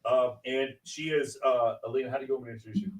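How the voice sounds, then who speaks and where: A man hosting a casual panel show, joking and introducing a row of guests in quick succession. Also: mid-range voice. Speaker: host. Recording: distant mic with noticeable background noise.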